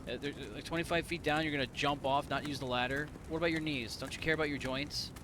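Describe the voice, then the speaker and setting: A man's voice: medium pitch, flat delivery, quick pace, noisy background. A man from Indiana giving casual, profane, rambling let's-play commentary to his viewers. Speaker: gaming streamer.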